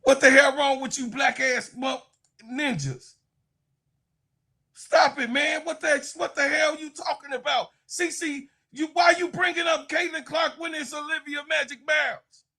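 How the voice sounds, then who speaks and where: A man's voice: very high voice, fairly even intonation, unhurried, creaky, sharp tone. A man giving a heated, profane sports commentary rant, mocking and laughing.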